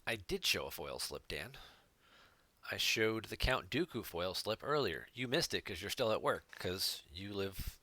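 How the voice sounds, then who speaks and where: A man's voice: lowish voice, big pitch swings, a little slow, bright, forceful tone, dry recording. A man chatting casually to his viewers while playing an online card game, talking to people in the chat. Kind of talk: casual gameplay commentary.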